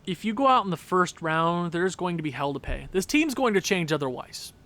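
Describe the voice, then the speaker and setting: A young man commentating a hockey video game with a worn-out voice, yelling and repeating himself at big plays. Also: sits high, lively intonation, fairly quick. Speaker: gaming YouTuber. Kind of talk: excited play-by-play over a hockey video game.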